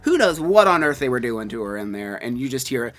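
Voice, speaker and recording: A man's voice: medium pitch, a little fast, faint music behind. A man reviewing a haunted house in casual chat, telling it animatedly with lots of fillers. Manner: animated storytelling, many fillers.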